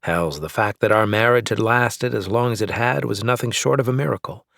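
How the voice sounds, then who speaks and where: Low-voiced male audiobook narrator. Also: brisk, gravelly, a bit bright, no echo, clean studio sound. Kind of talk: first-person scripted narration.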